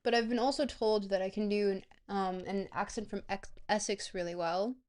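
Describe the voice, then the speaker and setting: A woman streamer chatting casually to her viewers, rambling between bites and filling pauses with ums. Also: medium pitch, steady tone, a little mellow.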